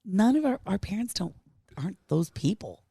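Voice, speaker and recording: A woman co-hosting a casual podcast, hoarse from lost voice, chatty and laughing often. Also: mid-range voice, very animated, normal speed, warm tone, dry recording, clean studio sound. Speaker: podcast co-host. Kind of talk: casual chat. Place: home recording room.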